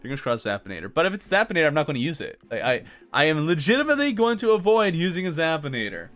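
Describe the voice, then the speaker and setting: A man's voice: on the high side, big pitch swings, very fast, a bit bright. An American man streaming a video game and chatting casually, joking with viewers and reading their comments aloud. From United States. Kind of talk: casual gaming livestream chat. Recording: music playing underneath.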